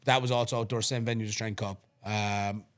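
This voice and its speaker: A young Irish man co-hosting a sports podcast, talking in a relaxed, rambling way and often restarting his sentences. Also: on the low side, a little fast. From Ireland. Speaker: podcast co-host and strongman competitor. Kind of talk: casual chat.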